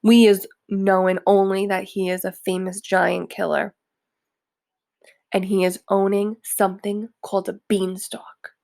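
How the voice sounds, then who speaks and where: A woman voicing a gentle old male giant who whispers in odd broken grammar. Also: medium pitch, little pitch movement, a little slow, gravelly. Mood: hushed.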